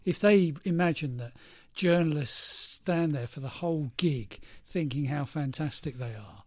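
Higher-voiced man, dry close sound. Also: no echo. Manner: chimes in with quick agreement, laughs easily. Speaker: podcast co-host. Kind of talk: casual chat.

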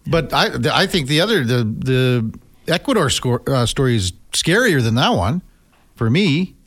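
A man's voice: medium pitch, very animated, moderate pace, fairly bright tone. A man hosting a radio talk show, asking his co-host easygoing questions and laughing along. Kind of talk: casual radio interview.

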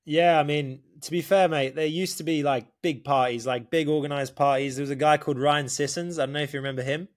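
A man's voice: on the high side, fairly even intonation, quick pace, hardly any pauses. A young man, a podcast guest, telling a story casually, laughing and swearing as he quotes people.

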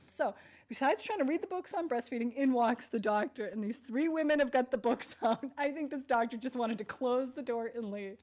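A woman's voice: sits high, moderate pace, darkish tone. A woman telling a story from memory in an amused way during an interview. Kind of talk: anecdote in an interview.

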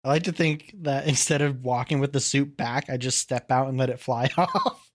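A man's voice: mid-range voice, normal speed. A man playing a tabletop game, chatting casually and joking. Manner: laughing, joking. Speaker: player.

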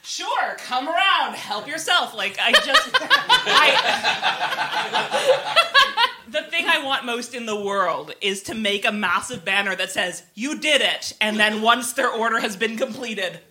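A woman's voice: a little high, animated, slow pace, heavy background noise. A woman on a live comedy panel, telling stories and bursting into giggles. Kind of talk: comic storytelling on a live panel.

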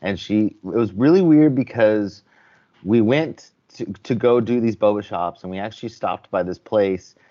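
Male guest, low register, easygoing storyteller with lots of restarts; dull lo-fi recording. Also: normal speed, warm tone. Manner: chatty storyteller, lots of "you know" and restarts. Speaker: guest, vending business owner. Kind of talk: casual interview chat. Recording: dull lo-fi audio.

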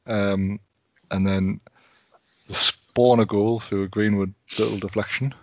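A man's voice: fairly low pitch, steady tone, measured pace. A man talking football on a podcast, wry and rambling, often restarting his sentences. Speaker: podcast pundit. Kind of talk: casual football chat. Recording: muffled lo-fi audio.

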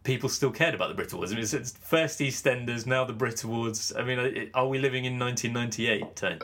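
A man talks fast on a cricket podcast, his mid-range voice fairly bright as he jokes around, teases his co-host, and mimics commentators in casual conversation.

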